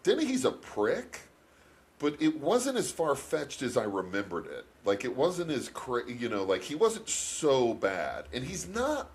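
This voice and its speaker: A man co-hosting a movie podcast, talking casually and with lots of energy. His pitch swings widely as he retells scenes and laughs along the way. He sits at a middle pitch, neither high nor low. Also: unhurried. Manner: animated, laughing, acts out quotes with big pitch jumps. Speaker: podcast co-host. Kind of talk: casual movie review chat.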